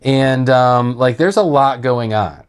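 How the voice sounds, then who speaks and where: A man on a podcast, telling a personal story in a casual, animated way that sometimes drops low and quiet. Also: slow pace, clear, resonant tone. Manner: animated, laughing retelling that drops to quiet, heavy tones.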